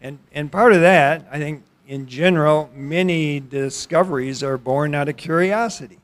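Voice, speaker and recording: A middle-aged man leads a church Bible study in a casual, questioning way. His voice sits a little high for a man, and he often restarts his sentences. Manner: conversational, questioning, with halting restarts. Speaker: pastor leading a Bible study. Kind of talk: interactive church sermon.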